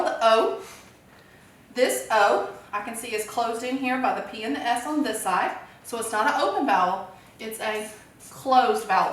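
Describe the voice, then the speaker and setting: A woman's voice: fairly high pitch, fairly bright tone, far from the mic. A woman teaching a phonics lesson to young children, cheerful and encouraging, asking questions and answering them herself. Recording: very echoey room, voice from off-mic.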